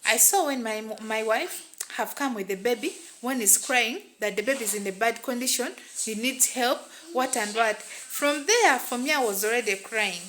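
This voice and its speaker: A woman's voice: on the high side, moderate pace, fairly bright tone, slight background noise. Emotional woman telling a story. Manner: emotional, repetitive, tags lines with "what and what". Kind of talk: first-person story narration.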